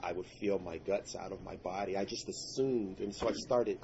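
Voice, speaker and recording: A man's voice: deep voice, normal speed, gravelly, a little mellow, highs cut off, a little hiss or hum. A man telling a personal story in an earnest, intense way, breaking into prayerful exclamations. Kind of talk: personal story told to listeners.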